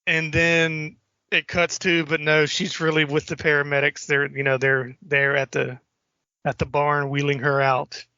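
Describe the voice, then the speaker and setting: Man, podcast co-host, loose retelling of film scenes, swears freely, raised pitch, dry dull recording. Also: little pitch movement, measured pace, sharp tone, smooth, no echo. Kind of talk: casual chat.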